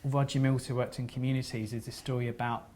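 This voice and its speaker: A man speaks at a weekend seminar, sharing a story in an earnest, unpolished way. He often trips over his words and starts again, and he apologises gently when a point sounds sentimental. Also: mid-range voice, flat delivery. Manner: earnest, halting, with frequent restarts.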